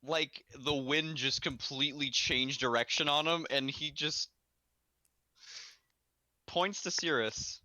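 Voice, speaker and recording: A man narrating as dungeon master in a tabletop game, animated, laughing and profane. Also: on the high side, takes it slowly, long pauses, no echo.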